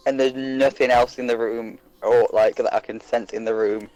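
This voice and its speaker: A man's voice: mid-range voice, moderate pace, low-quality recording. A man playing in an online tabletop game, joking around playfully and asking the game master questions. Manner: playful, jokey, animated. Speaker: player. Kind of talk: casual tabletop play. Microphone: online voice call.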